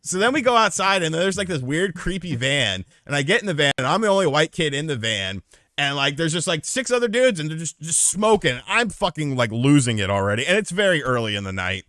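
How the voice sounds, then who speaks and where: A man's voice: fairly high pitch, brisk, dry recording, studio quality. A man hosting a podcast aftershow, telling a profane story in casual chat and answering viewers. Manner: animated, profane anecdote telling, reads live chat.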